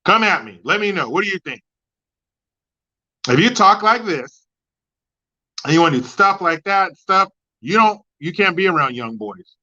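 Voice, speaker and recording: Profane, ranting male streamer, bright voice. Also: lively intonation, a little fast, muffled recording. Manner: profane, mocking, swings between loud outbursts and low mutters. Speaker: livestream host. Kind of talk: ranting commentary, reading chat.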